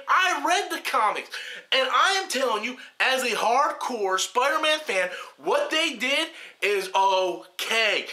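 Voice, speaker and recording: Heated male reviewer, high piercing voice, swears constantly, echoey room. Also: pushed and bright. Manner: heated, emphatic, swears a lot. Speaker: film reviewer. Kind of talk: profane ranting film review.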